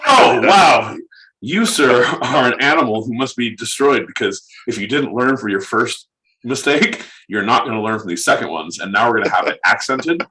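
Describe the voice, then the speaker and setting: A man's voice: mid-range voice, animated, moderate pace, sharp tone. A man co-hosting a comedy podcast, riffing in crude mock accents with rowdy, improvised banter. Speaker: podcast co-host. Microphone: podcast mic. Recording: echoey room with faint noise.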